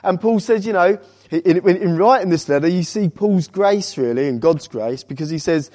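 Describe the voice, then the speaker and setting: Guy preaching a sermon, kinda high voice, goes loud then drops real quiet, asks the crowd questions. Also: moderate pace, few pauses. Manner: emphatic, swings between loud urging and quiet stress; rhetorical questions to the congregation. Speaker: visiting preacher.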